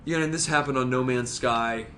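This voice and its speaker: A man co-hosting a podcast in casual chat, rambling and excitable, swearing freely as he tells stories. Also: mid-range voice, fairly quick, a little hiss or hum. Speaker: podcast co-host.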